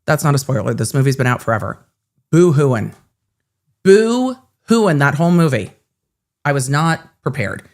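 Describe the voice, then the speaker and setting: A woman host telling a personal story in casual livestream chat, animated and self-mocking, with some swearing. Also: extremely low pitch, moderate pace, pauses often.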